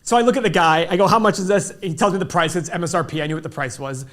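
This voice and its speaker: Male stock show host, high voice, animated storyteller who acts out both sides of a conversation. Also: very fast. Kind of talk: casual livestream chat.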